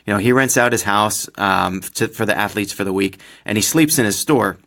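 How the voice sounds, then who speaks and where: A man's voice: fairly low pitch, brisk, a bit bright. A man hosting a podcast, chatting casually with a guest and often laughing. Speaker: podcast host. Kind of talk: casual interview.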